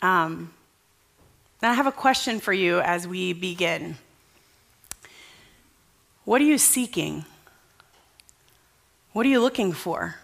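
Bright-voiced woman pastor preaching. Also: fairly low pitch, expressive, slow pace, creaky, pauses often. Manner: earnest, casual, asks the congregation questions. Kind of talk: conversational sermon. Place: church service.

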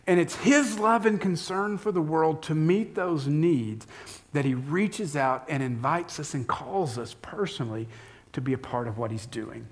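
A man's voice: on the high side, moderate pace. A man preaching a sermon as pastor, speaking conversationally and putting questions to the congregation.

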